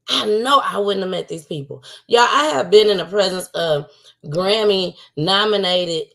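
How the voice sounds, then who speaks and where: A woman's voice: mid-range voice, vocal fry, a bit bright. Tearful woman hosting a livestream. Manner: emotional, heartfelt, laughs often. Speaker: livestream show host. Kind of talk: casual livestream chat.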